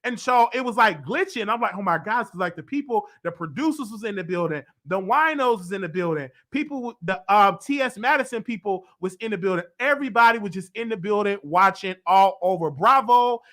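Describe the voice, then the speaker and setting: A man hosting a celebrity gossip commentary show, talking emphatically and excitably, repeating himself. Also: high voice, a little fast, few pauses. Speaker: host.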